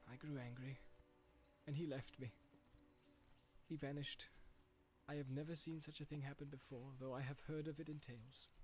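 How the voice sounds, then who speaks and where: A man's voice: medium pitch, steady tone, darkish tone, close to an everyday voice. A man doing a grim, hesitant warrior. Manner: slow, hesitant, subdued. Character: grim brooding warrior, male, evasive. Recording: music playing underneath.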